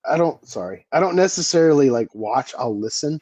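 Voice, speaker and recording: A man's voice: a little high, animated, a little fast, darkish tone, no echo, dull audio. A man co-hosting a comedy podcast, teasing the host and tripping over his words. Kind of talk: casual comedy podcast chat.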